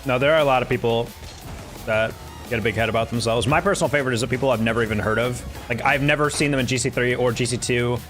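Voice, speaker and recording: Fast and medium-pitched with a slightly bright tone, this young man's voice carries over faint music as he streams a game. Chatting casually with viewers, he rants about his teammates in a laid-back manner, using slang and swearing.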